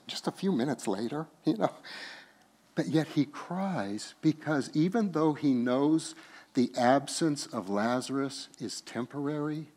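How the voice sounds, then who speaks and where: A man preaching a sermon as pastor, moving from hushed, slow tender passages to loud, laughing, emphatic bursts. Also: mid-range voice.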